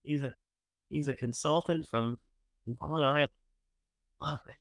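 A man hosting a show, casually commenting as he reads through candidates, chatty and sarcastic, with loud bursts of enthusiasm and mumbled asides. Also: on the high side, fairly even intonation, measured pace, no echo. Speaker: show host reviewing candidates.

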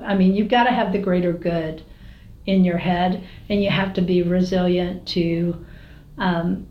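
A woman who is a mayor, talking candidly in an interview, telling stories with lots of fillers and restarts, with an American accent. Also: lowish voice. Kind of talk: casual interview talk. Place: city hall office. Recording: roomy, slightly dull recording.

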